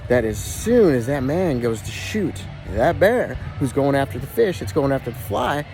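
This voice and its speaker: A man spins a long joke outdoors, his pitch swinging widely as he builds it up. Music plays clearly behind him. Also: very animated, moderate pace. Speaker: joke teller. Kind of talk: telling a joke.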